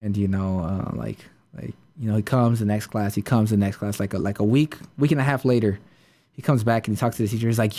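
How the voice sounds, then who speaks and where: A man's voice: lowish voice, fairly quick, warm tone. A man hosting a podcast, retelling a story in a casual, rambling way full of fillers and restarts. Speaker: podcast host.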